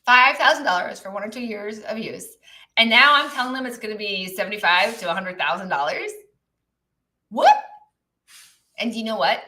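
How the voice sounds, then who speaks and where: Bright-voiced woman coaching on a live stream. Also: medium pitch, brisk. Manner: conversational, checks in with listeners with "right?" and "okay?"; reads and answers viewer chat aloud. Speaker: business coach.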